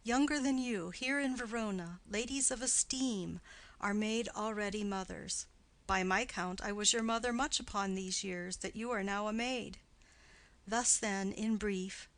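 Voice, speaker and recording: A woman reading the part of a stately noble mother in an audiobook play, speaking quietly in a low, measured way. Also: fairly even intonation.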